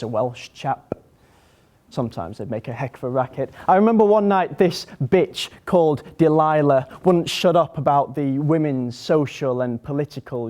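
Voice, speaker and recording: A sardonic male rescue dog tells his tale in a theatrical comic monologue, as a young actor plays him. The delivery is dry and deadpan, in a mellow, darker-toned voice of ordinary middle pitch. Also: natural voice. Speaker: monologue performer.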